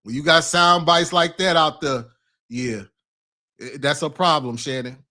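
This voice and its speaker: A man's voice: fairly high pitch, steady tone, unhurried, sharp tone. A man giving casual reaction commentary, slangy, exclaiming and laughing as he reads out news.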